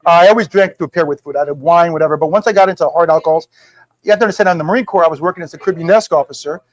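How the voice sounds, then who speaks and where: A man's voice: fairly high pitch, racing, rough recording. A middle-aged man, a whisky brand founder, telling stories at a live tasting in a liquor store and acting out the people in them. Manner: animated storyteller who acts out quoted dialogue. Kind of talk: casual storytelling at a live tasting.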